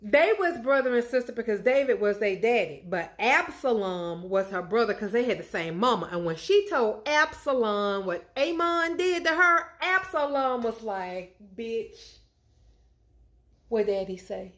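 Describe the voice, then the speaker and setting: Sassy woman with a high voice ranting about bible stories, cussing a lot, super indignant. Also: lively intonation, moderate pace, hardly any pauses, a bit bright. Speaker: content creator. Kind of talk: comedic rant retelling Bible stories.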